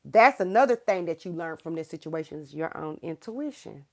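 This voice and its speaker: A woman's voice: low-pitched, expressive, normal speed, darkish tone. A woman in her thirties giving a live tarot reading, talking frankly and laughing often as she calls the viewer girl. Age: 30s. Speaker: tarot reader.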